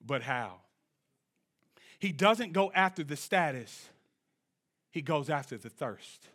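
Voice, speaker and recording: A man preaching a sermon in church, swinging from low, quiet lines to shouted peaks and drawing answers from the congregation. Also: expressive, takes it slowly. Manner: call-and-response with the congregation. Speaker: pastor.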